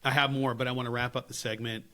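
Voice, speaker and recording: A man co-hosting a podcast, telling stories in casual chat with lots of laughs and lively swings. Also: mid-range voice, fast. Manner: animated, laughing storyteller. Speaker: podcast co-host.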